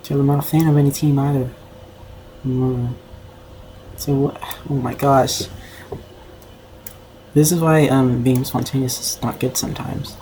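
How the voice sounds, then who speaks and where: A man's voice: mid-range voice, dark tone, a little hiss or hum, rough recording. A young man streaming casually, rambling and self-conscious with lots of filler words. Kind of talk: casual livestream commentary.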